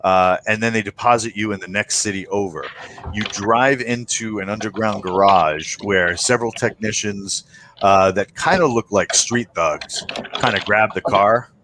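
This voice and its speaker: A man's voice: lowish voice, fairly even intonation, moderate pace, noisy background. A man narrating a tabletop game as game master on a live stream, rambling with many fillers and restarts.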